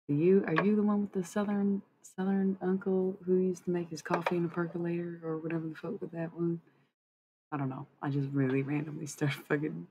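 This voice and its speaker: Creaky-voiced woman chatting on stream. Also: low voice, a little mellow, a little hiss or hum, low-quality recording. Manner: rambling, profane, chatty. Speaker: livestreamer. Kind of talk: casual chat with viewers.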